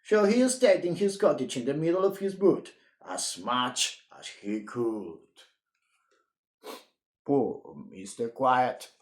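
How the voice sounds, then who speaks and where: A man reading a children's picture book aloud in a playful, expressive storytime style. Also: medium pitch, takes it slowly. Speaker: storytime reader.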